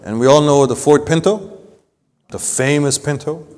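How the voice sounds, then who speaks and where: A man preaching a sermon with an accent, slow and deliberate, and rising to emphatic peaks. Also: fairly high pitch, a little mellow, in a large hall. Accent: non-native English accent. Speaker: pastor.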